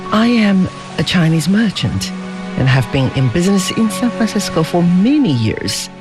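A dignified, protective Chinese merchant father, as a male narrator puts him on, speaking calmly and solemnly with a fairly high, lively voice. He talks in an unhurried, earnest storybook cadence. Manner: calm, solemn, broken English at times. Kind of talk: storybook reading.

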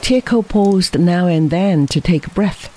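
Slow husky audiobook reader. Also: medium pitch, darkish tone, rough recording. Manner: measured storybook reading. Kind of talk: scripted narration.

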